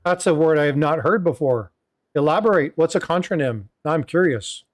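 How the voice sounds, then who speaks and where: Middle-aged male stream host, slightly high voice, loose and chatty, heavy on filler words. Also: animated, fairly quick. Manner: rambling, filler-heavy, reads viewer chat aloud. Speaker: livestream host. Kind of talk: casual panel chat.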